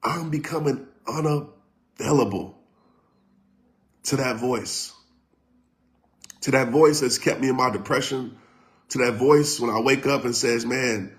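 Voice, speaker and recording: A man speaks to a live online audience in an emphatic motivational style. He hammers his points through repetition and at times rises to a shout. His voice sits at an ordinary male pitch. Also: unhurried, pauses often. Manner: talks directly to live viewers. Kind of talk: live-streamed motivational talk.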